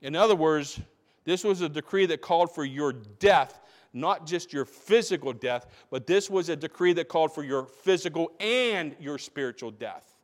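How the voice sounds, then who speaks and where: Emphatic pastor preaching, higher-pitched man. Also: expressive, moderate pace. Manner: emphatic preaching, repeats phrases for stress. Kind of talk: sermon. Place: church.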